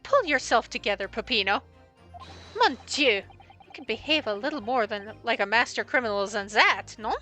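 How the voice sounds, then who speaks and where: A woman's voice: fairly high pitch, animated, normal speed, sharp tone, faint music behind. A woman putting on a scolding French gang boss. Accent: put-on French. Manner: scolding, haughty.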